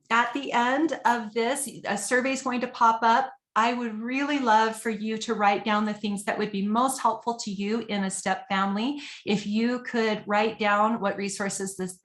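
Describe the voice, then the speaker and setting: A woman's voice: medium pitch, fairly bright tone, reverberant. A woman giving a webinar presentation over a computer mic, earnest and conversational with frequent fillers.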